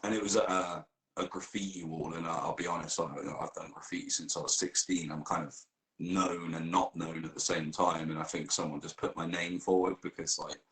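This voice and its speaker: A man's voice: sits low, level tone, a little fast, a bit bright, echoey room, rough recording. A man telling a comic story during role-play, swearing a lot and laughing as he goes.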